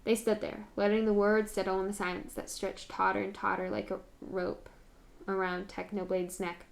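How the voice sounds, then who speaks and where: A woman's voice: mid-range voice, little pitch movement, moderate pace, gravelly. A woman streamer reading fan fiction aloud, now and then stumbling on words and restarting.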